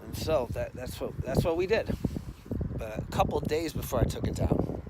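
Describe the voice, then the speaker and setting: Middle-aged male storyteller, lively and animated, recorded with clear background noise. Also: medium pitch, normal speed. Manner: animated, acts out other people's lines. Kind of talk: casual storytelling.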